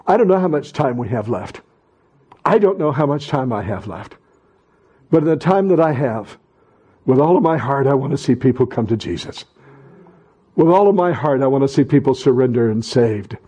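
With poor audio, a middle-aged pastor preaches at normal speed in a medium-pitched, animated, slightly rough voice. The sermon is fervent and repetitive, swelling into loud exhortation, with stumbling restarts in the asides.

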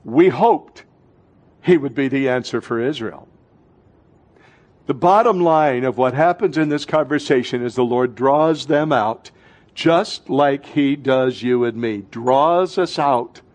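A man preaching a fervent sermon as pastor, swinging between loud, urgent lines and hushed ones. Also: medium pitch, takes it slowly.

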